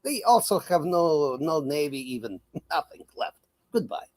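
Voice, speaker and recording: Dry, mocking officials, as a man puts them on. They speak flatly and quietly, with broken grammar and a dismissive edge. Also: on the high side, moderate pace, no echo, lightly acted.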